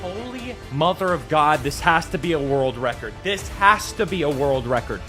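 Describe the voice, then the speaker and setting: Male gaming host from Montana, excitable pack-opening commentary, high-ish voice that jumps all over, shouts on big pulls. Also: moderate pace, over music. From Montana, USA. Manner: hyperactive, joking, yelling at big pulls. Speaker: gaming YouTuber.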